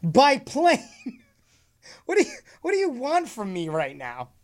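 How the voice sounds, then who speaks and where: Animated man telling a comic story. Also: very high voice, a little slow. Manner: animated, acts out both sides of exchanges; laughs often mid-story.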